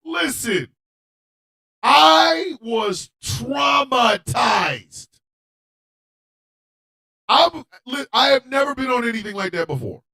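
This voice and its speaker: A man hosting a radio show, telling a comedic story in a loud, animated, profane way and often shouting. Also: very high-pitched, slow, long pauses.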